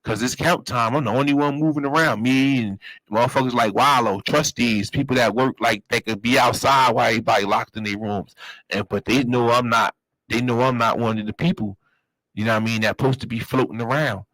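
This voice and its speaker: Man, storyteller, animated and profane, plays everyone in his tale, dry close mic. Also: medium pitch, a little fast, no echo, poor audio. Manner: animated, acts out other people's voices, profane slang. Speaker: storyteller host. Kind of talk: casual storytelling.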